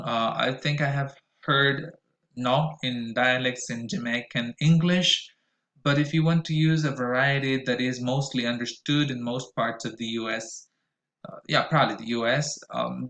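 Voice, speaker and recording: A man's voice: medium pitch, steady tone, a little slow, fairly bright tone, reverberant. A man teaching a recorded pronunciation lesson, explaining carefully with frequent "uh" and "um" fillers.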